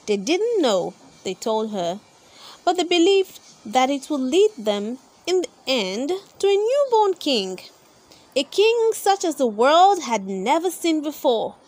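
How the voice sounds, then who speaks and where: A woman narrates a storybook aloud for children. Her high voice moves up and down with lots of expression, and she takes her time. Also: very animated, takes it slowly, a little mellow.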